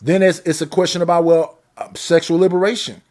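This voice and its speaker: A man's voice: on the high side, level tone, brisk, a little mellow. A man, telling stories and arguing his point in a casual panel debate. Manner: storytelling, quotes others in put-on voices.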